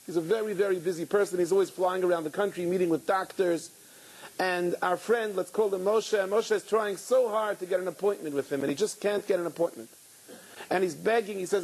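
A man giving an animated storytelling talk to a live audience as a guest speaker, with dramatic pauses. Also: high voice, breathy edge, rough recording. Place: event hall with an audience.

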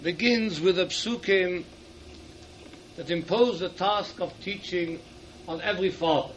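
A man giving a Torah lecture to teachers. He reads Hebrew sources in quick bursts and then explains each one in English. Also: high voice, slight background noise. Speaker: rabbi speaking to teachers. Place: hall at an event.

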